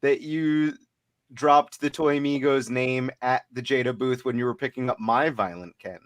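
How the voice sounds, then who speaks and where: A man's voice: medium pitch, steady tone, moderate pace. A man co-hosting a casual chat, teasing the others and laughing often. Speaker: podcast co-host.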